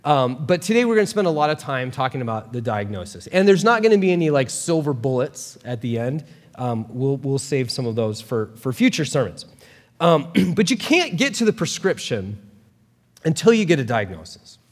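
A man preaching a sermon as a pastor, talking in a casual, animated way with quick asides. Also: medium pitch, long reverb tail.

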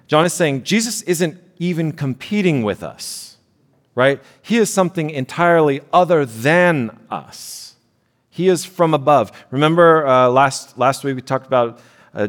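A male pastor delivers a sermon at a mid-range pitch. His talk is conversational and full of quick "right?" check-ins. The voice carries a long reverb tail, as if it were recorded in a large hall. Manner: conversational preaching, frequent "right?" tag questions.

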